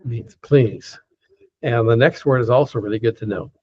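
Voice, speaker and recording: A man teaching a class, patiently saying words slowly and repeating them, with many fillers, over an online call. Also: medium pitch, warm tone, slightly rough. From United States. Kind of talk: lecture teaching pronunciation. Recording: dull lo-fi call audio.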